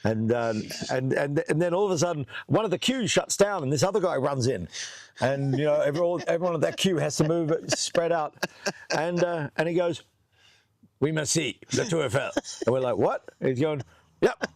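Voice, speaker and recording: A man's voice: on the high side, brisk, no room sound. A man hosting a casual chat, telling a long funny story with lots of laughing. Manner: animated storyteller doing voices, laughs often. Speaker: host. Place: outdoors under a tree.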